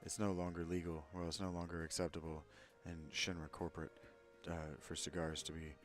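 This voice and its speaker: A man giving casual, joking commentary over a video game in quick, quiet asides. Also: low-pitched, level tone, soft background music. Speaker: gameplay commentator.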